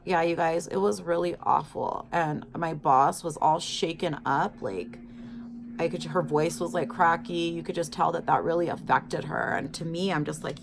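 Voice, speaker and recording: A woman's voice: sits low, normal speed, gravelly. Chatty woman, faint room noise. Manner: animated storyteller, acts out quoted people; filler-heavy, says "like" and "you guys". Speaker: vlogger. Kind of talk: casual chat while doing makeup.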